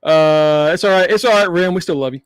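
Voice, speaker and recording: A man co-hosting a casual wrestling recap, relaxed and quick to laugh. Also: high-pitched, smooth, dry recording, studio quality. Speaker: podcast co-host.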